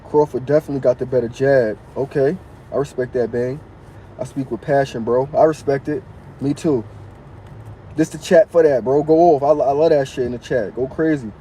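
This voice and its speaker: A man's voice: medium pitch, moderate pace, mellow, slight background noise, low-quality recording. A man hosting a casual live stream, reading viewers' comments aloud and answering them in loose, slangy street talk.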